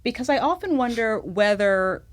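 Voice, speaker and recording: A woman's voice: fairly high pitch, expressive, normal speed. A woman co-hosting a casual legal podcast as a trial attorney, questioning and skeptical.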